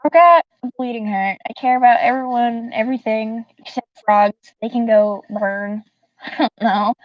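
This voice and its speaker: A woman's voice: on the high side, normal speed, no room sound. Chatty giggly woman streamer from the south, greeting chat, dull dry mic a bit far off. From Southern United States. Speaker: livestreamer. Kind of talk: casual live-stream chat.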